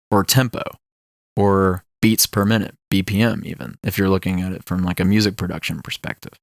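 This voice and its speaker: A man's voice: lowish voice, no room sound, clean studio sound. A young man hosting a solo podcast, talking casually in a rambling way with lots of fillers. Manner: rambling, filler-heavy, musing about ideas. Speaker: podcast host.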